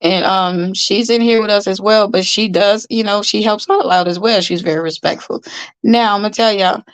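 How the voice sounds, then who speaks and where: A woman hosts a casual livestream and talks straight to her viewers. She speaks earnestly and chattily and repeats phrases for emphasis. Her voice sits at a medium pitch, and the close, dry sound has no room echo. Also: steady tone, moderate pace. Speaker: livestream host and foster parent. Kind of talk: casual livestream chat reading comments.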